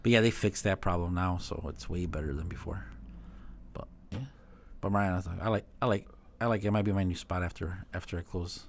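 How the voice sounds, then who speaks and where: Casting: male guest, low voice, rapid and easygoing, storytelling full of "like". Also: a little hiss or hum. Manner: easygoing anecdotes, lots of "like". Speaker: podcast guest, bar and nightclub owner. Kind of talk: casual storytelling chat.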